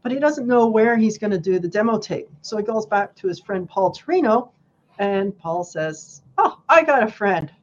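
A woman guest on a casual podcast, telling a story with animated, acted-out quotes. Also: mid-range voice, normal speed, dull audio.

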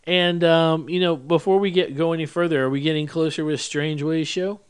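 A man's voice: on the high side, steady tone, normal speed, clean tone. A man hosting a casual podcast, rambling and laughing through his stories. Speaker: podcast host.

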